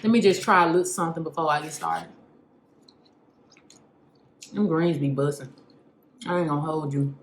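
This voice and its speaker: A woman's voice: sits low, steady tone, moderate pace, pauses often. A young woman hosts a casual chat over a meal, slangy and laughing while she eats. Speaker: host. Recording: roomy home recording with faint noise.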